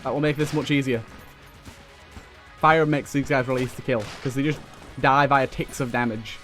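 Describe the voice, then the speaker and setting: A young man giving excitable running commentary while playing a video game, talking back to enemies on screen. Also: medium pitch, normal speed. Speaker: let's play host. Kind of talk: gameplay commentary. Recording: faint game music behind.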